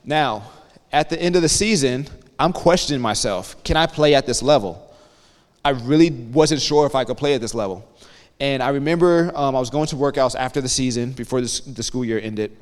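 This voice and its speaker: An energetic man in his thirties speaks to a room of students at a middle pitch, spinning stories and checking in with "okay?" as he goes. His voice rings out with a long hall reverb. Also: brisk. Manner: energetic storyteller, checks in with the audience. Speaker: guest speaker. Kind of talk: motivational talk to students. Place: campus hall.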